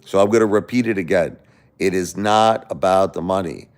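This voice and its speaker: A man hosting a live stream, angrily lecturing and insulting a chat commenter with lots of profanity, swinging between loud outbursts and low muttering. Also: moderate pace. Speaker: livestream host reading chat. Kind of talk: livestream rant at a chat commenter.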